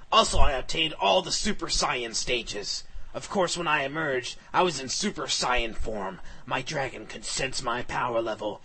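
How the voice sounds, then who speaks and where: A man reads an over-the-top adventure story in a flat, matter-of-fact tone. His voice is very husky with a bright, edgy tone. He keeps an even pace. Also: mid-range voice, rough recording. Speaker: comedic reader. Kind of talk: deadpan reading of fan fiction.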